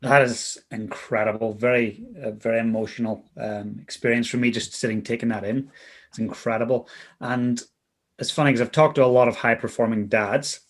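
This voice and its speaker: A man's voice: mid-range voice, fairly even intonation, moderate pace. Man, interview host, reflective, frequent fillers. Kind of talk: casual interview talk.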